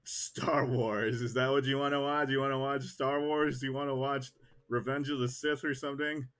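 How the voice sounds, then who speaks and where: A young man streaming a game and reacting out loud. His voice is bright and forceful, flipping from muttering to excited shouts. He jokes freely with chat as he plays. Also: mid-range voice, normal speed. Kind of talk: live gameplay commentary.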